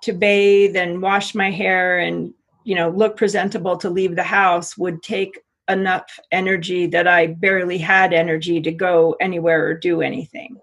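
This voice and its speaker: A middle-aged American woman telling a personal story in an interview, halting with frequent restarts. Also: fairly low pitch, level tone, fairly bright tone. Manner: halting, many restarts and repeats. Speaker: interview guest.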